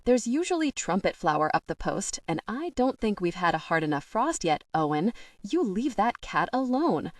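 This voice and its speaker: A woman's voice: mid-range voice, sing-song, normal speed, no room sound, studio quality, far from the mic, natural voice. Woman doing a harried village mother. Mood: exasperated. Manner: exasperated, chatty. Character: harried village mother scolding her kids.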